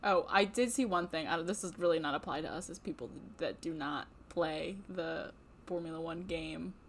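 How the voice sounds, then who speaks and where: A woman's voice: low-pitched, normal speed, a bit bright, slight background noise. A woman co-hosting a podcast in casual chat, rambling and hedging with lots of fillers. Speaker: podcast co-host.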